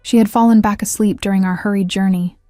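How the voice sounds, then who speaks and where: A woman reading first-person audiobook narration in an even, measured way. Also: mid-range voice, no echo, studio quality, faint music behind.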